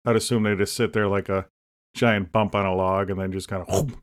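A man co-hosting a casual comedy podcast, rambling through deadpan jokes and asides. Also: deep voice, brisk, smooth. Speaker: podcast co-host.

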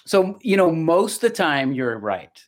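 As a guest on a podcast, a middle-aged voice actor chats unhurriedly in a slightly high voice with big pitch swings. He is reflective and tells stories, often breaking off to start his sentences again.

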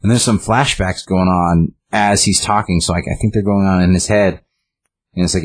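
A man's voice: deep voice, fairly even intonation, normal speed, a little hiss or hum. A man casually retelling a comic's story, rambling with lots of fillers and restarts.

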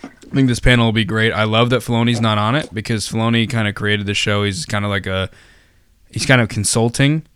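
Lowish smooth guy rambling on his podcast, lots of ums, dry mic. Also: steady tone, brisk, a bit bright, no echo. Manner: rambling, many fillers and restarts; jokey, self-deprecating asides. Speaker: podcast host. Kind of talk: casual podcast chat.

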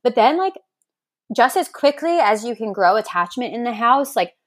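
Animated woman guest telling stories. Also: fairly high pitch, moderate pace, no echo. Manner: animated storytelling, acting out quotes, swears freely. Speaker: podcast guest, reality show contestant. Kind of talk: casual chat.

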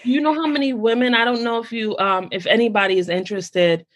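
A woman guest on a podcast, in casual, animated conversation, talking in quick bursts and restarting her sentences often. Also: a little high. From United States. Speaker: podcast guest, founder of a mental health community.

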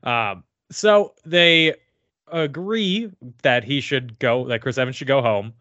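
Slow and forceful, a man with a bright mid-range voice recaps a movie's plot sarcastically and casually as a podcast co-host. It's a remote podcast mic with no camera, no echo, and the high frequencies are cut off.

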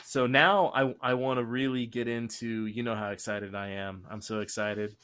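A young man hosting a casual podcast chat, rambling and joking with quick asides. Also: medium pitch, fairly even intonation, a bit bright, clear, resonant tone. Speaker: podcast host.

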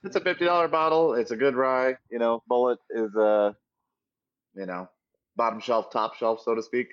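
A man joining a beer podcast as a guest over a remote call, relaxed and rambling. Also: medium pitch, normal speed, clean tone, dry recording, lo-fi sound. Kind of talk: casual chat over drinks.

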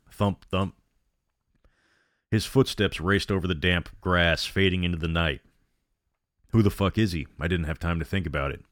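A man with a very deep voice narrates a horror story, breaking off now and then for a sardonic aside. The recording is dry and close, with no room sound around him. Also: a bit bright, dry recording. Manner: sardonic asides between reading.

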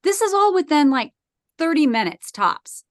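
Animated woman storyteller, fairly high voice. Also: moderate pace, no room sound, studio quality. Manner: lively, acts out voices in her story. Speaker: podcast guest.

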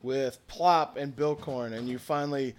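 A man guides players through a dungeon as game master. His voice sits at an ordinary pitch. He describes scenes unhurriedly, with small pauses. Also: steady tone. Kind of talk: narrating a tabletop game.

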